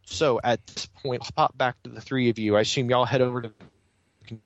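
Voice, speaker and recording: A man narrating as game master of a tabletop game over a voice call, relaxed and filler-heavy. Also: mid-range voice, brisk, dry recording. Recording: slightly muffled online call audio.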